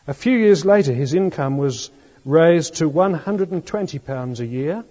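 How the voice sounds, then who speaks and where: A man preaching a sermon as pastor, earnest, with emphatic pauses. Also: fairly high pitch, expressive, mellow. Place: church. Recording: long church reverb, dull lo-fi sound.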